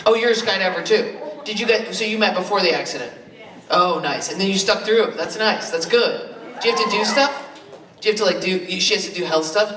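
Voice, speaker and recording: A woman's voice: lowish voice, noisy background. Brash profane woman comic working the crowd. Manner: brash, profane, riffing with the audience. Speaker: stand-up comedian. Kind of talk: stand-up crowd work. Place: comedy club stage. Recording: roomy club sound with loud audience.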